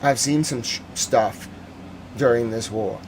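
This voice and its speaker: Male stream host, mid-pitched voice, heated and emotional commentary, reads chat aloud. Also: a little slow, slight background noise. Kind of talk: live-stream news commentary.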